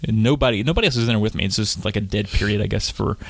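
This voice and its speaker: A man co-hosting a podcast, telling a story in casual chat and acting out the other people's lines with lively energy. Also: fairly low pitch, very fast, vocal fry, no room sound, clean studio sound. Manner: animated storyteller acting out dialogue. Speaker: podcast co-host.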